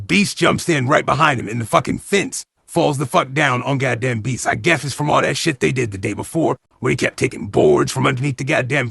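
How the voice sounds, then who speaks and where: Gravelly guy cussing his way through a movie recap, husky voice, super dry close sound. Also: mid-range voice, fairly bright tone, no echo. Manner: heavy swearing, slangy retelling with acted-out quotes. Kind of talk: profane comedic movie recap.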